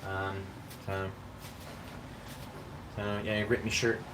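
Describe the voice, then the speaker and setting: A man's voice: lowish voice, little pitch movement, takes it slowly, noisy background. A man talking in a rambling, casual live-stream monologue, constantly asking "do you know what I mean". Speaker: vlogger. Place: outdoors in a park.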